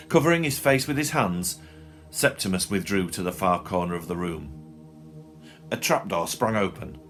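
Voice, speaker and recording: A man reading a short story aloud in a dry, expressive storytelling manner. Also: sits low. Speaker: narrator. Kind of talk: audiobook reading.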